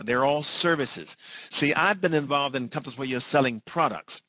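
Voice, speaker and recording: A man presenting a sales webinar, talking fast and driving home the same point again and again. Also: fairly bright tone, dry recording, low-quality recording. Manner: fast-talking, repetitive pitch.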